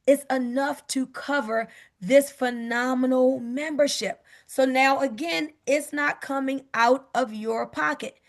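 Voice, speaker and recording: A woman making an upbeat sales pitch on a video call, often asking "guess what". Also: steady tone, unhurried.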